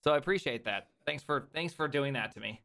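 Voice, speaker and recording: A podcast host from South Dakota in the US Midwest speaks in a mid-range, bright, forceful voice with vocal fry. He keeps the chat casual and joking, teasing his guest and laughing quickly and often.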